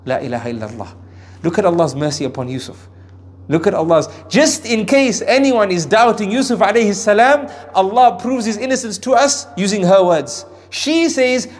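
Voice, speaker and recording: A man preaching a sermon on Quran verses. He swings between raised emphasis and hushed asides, and recites Arabic phrases with careful pronunciation. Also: high-pitched. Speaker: Islamic preacher.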